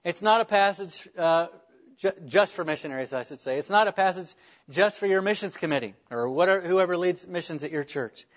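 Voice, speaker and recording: A man's voice: high voice, animated, fairly quick, dull audio. A man preaching a sermon as a pastor, earnest, with rhetorical questions and small restarts.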